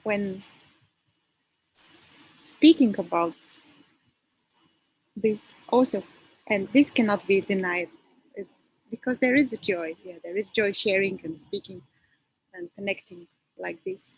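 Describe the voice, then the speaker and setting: A woman interviewer in a casual conversation, speaking gently in short, affirming, reflective remarks. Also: mid-range voice, slow pace, pauses often, slightly rough, poor audio.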